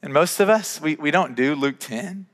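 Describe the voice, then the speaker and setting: Reverberant higher-voiced male pastor. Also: animated, moderate pace. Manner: conversational, repeats words when starting sentences. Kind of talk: sermon.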